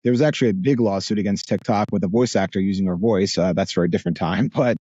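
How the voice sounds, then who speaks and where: A man with a New Jersey accent, a voice actor chatting casually as a podcast guest, animated and rambling with restarts. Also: on the low side, fast, slightly rough, no echo, highs cut off.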